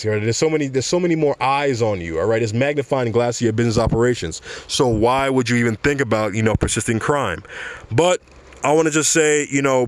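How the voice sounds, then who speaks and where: A man's voice: mid-range voice, dry recording. A young man hosting a podcast, talking casually and rambling as he addresses his listeners directly. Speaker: podcast host. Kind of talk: casual commentary.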